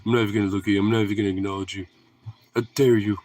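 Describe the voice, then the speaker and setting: A grumpy male husky, woken from his nap and deeply offended, grumbling in a low, huffy voice, as his owner puts him on. He swears and sulks. A faint noise sits behind him. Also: flat delivery, racing, a little mellow, recorded from a distance, natural voice. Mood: indignant. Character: grumpy sleepy male husky dog, indignant.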